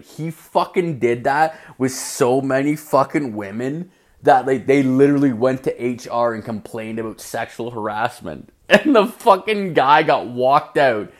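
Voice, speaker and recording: A young man of ordinary pitch tells a story off the cuff, stumbling through "like" after "like". He swears freely and keeps the tone loose and conversational. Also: moderate pace. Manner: rambling, heavy swearing, constant "like" fillers. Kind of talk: casual profane storytelling.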